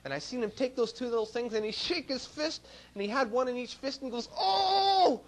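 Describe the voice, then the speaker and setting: Talking fast, this middle-aged Canadian preacher gives a sermon in church full of folksy tales, moving back and forth between loud stresses and low asides.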